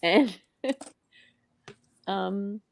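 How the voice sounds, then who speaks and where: A woman's voice: medium pitch, extremely slow, vocal fry. An Australian woman co-hosting a craft chat, chatty and laughing often as she reads out viewer comments. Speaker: craft show co-host. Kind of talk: casual chat while crafting.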